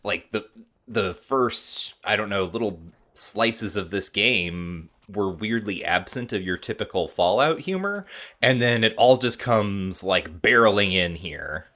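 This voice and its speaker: A man co-hosting a gaming podcast, recounting his playthrough in a relaxed way, full of fillers. His voice sits very low but has a bright, forward edge. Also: a little slow. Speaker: podcast co-host. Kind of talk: casual gaming chat.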